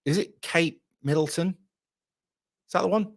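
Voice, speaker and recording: A man's voice: medium pitch, huge pitch swings, fairly quick. Blunt, swearing man ranting. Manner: profane, blunt, storytelling with re-enacted dialogue. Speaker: channel host. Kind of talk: casual ranting vlog.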